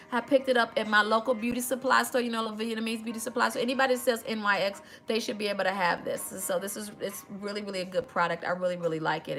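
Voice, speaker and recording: Lady in her 50s doing a makeup tutorial, bright forceful voice, chatty and emotional, faint music behind. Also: mid-range voice. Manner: chatty, emotional, addresses viewers as y'all. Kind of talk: casual makeup tutorial talk.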